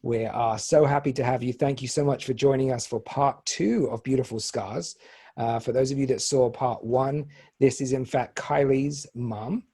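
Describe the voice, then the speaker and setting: A man in his forties with an English accent co-hosts a casual talk show. He jokes at his own expense in a husky voice. His talk is loose and playful. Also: medium pitch, moderate pace, mellow. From England. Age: 40s. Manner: jokey, self-deprecating. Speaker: podcast co-host. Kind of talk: casual chat.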